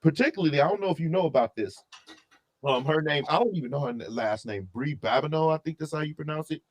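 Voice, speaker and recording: A man co-hosts a casual album review, speaking a little high and fast. He's opinionated and animated, full of asides and restarts.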